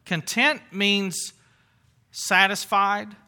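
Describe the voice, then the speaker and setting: A man's voice: high-pitched, fairly even intonation, very slow, pushed and bright, clear, resonant tone. A middle-aged man preaching a sermon in an earnest, conversational way, with asides and restarts as he works through the story.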